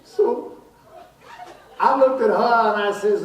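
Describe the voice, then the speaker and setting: Man doing a famous crooner's stage act, boomy live room. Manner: easygoing crooner patter, drawn-out lazy delivery. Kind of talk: stage stand-up banter between songs. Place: casino showroom stage with live audience. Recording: roomy live showroom, distant, audience and noise.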